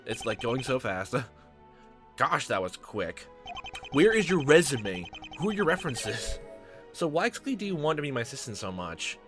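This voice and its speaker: A man's voice: medium pitch, sing-song, moderate pace, lightly acted. A man voicing an awkward, exasperated young male rookie lawyer. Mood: puzzled. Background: game music.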